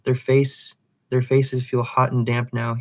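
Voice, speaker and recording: A man's voice: medium pitch, little pitch movement, measured pace, a little mellow. A man reading a literary novel aloud, with occasional slips and restarts. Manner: reads dialogue plainly, with slips and restarts. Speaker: reader.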